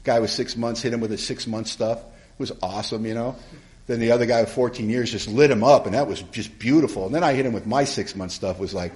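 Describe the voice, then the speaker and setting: A middle-aged man telling his recovery story to a live conference audience, in a humorous, colloquial, animated way. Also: medium pitch, fast talker. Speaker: AA speaker.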